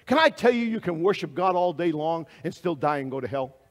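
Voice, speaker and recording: A man preaching a sermon to a congregation, asking them direct questions and swinging between loud exclamations and hushed asides. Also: fairly high pitch, lively intonation, brisk, big-room sound.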